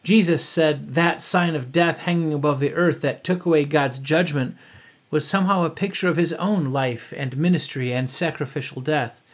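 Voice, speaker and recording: A man preaches an earnest sermon in a fairly high voice. He reads from his notes and drops in the odd offhand aside. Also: moderate pace. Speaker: pastor.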